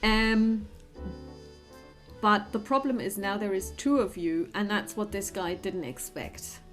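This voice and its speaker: A woman's voice: medium pitch, takes it slowly, faint music behind. A woman narrating a tabletop horror game as game master, friendly and hesitant, with many fillers.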